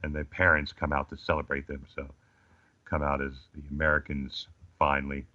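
A man's voice: a bass voice, completely flat delivery, a little fast, pushed and bright, no room sound. A man in his forties with an Australian accent, telling comic stories in a casual chat as a guest, with a dry joking manner. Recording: slightly dull lo-fi sound.

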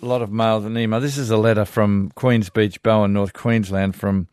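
An Australian man hosting a casual radio show, chatting relaxed and reading listener letters. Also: fairly low pitch, normal speed, clear, resonant tone, dry recording. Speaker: radio host. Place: radio studio.

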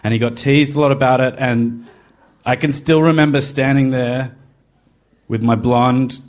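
A man's voice: mid-range voice, steady tone, measured pace. A man telling a personal story, wry and self-deprecating, in a confessional way. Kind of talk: personal story told to a live podcast.

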